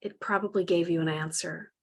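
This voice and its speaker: A woman teaching a live online spiritual healing class, earnest and gently guiding, at times emotional, speaking into a video call microphone. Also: lowish voice, fairly even intonation, fairly quick, vocal fry, breathy edge.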